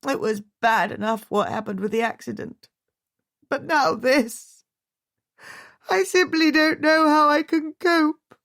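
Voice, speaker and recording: Woman voicing a widow, distraught, high pleading voice, teary, dry sound. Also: a little slow, vocal fry, no echo. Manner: pleading, teary, strained and rising. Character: distraught widowed society woman, middle-aged.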